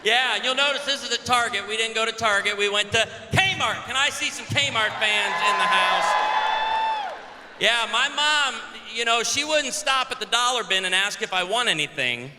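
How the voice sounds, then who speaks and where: A man's voice: very high voice, moderate pace, few pauses, sharp tone, some chatter behind, a little hiss or hum. A man in his forties from Illinois, a pastor giving a humorous sermon at a conference, joking in a punchy way and calling out to the audience. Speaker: pastor speaking at a women's conference. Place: large convention hall. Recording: echoey convention hall with faint ambience.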